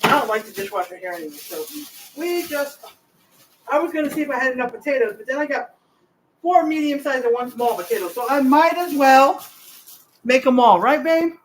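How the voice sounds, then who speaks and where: A woman's voice: on the high side, far from the mic, slight background noise, rough recording. A woman home cook chatting casually to her viewers in her kitchen, rambling from one thought to the next. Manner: rambling, talks straight to viewers. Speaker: home cooking vlogger. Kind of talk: casual cooking chat.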